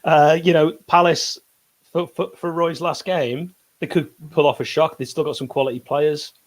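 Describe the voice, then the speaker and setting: A man's voice: on the high side, fairly even intonation, normal speed, low-quality recording. A man giving football opinions on a podcast, stubborn and jokey, with lots of fillers. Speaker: pundit. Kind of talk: casual football podcast chat.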